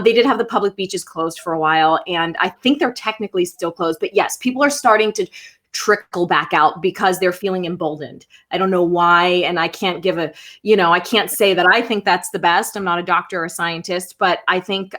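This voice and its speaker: A woman in her thirties, a former news anchor, chatting as an interview guest, quick and laughing often. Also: mid-range voice. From Pittsburgh. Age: 30s. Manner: warm laughing, quick effusive talk. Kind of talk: casual interview chat.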